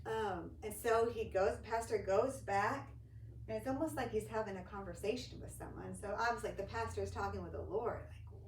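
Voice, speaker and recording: A woman's voice: mid-range voice, fairly quick. A woman guest and ministry director, telling a story in casual talk and acting out what others said. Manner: animated storyteller acting out quoted voices. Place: church studio or room. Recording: echoey room, distant mic, faint hiss.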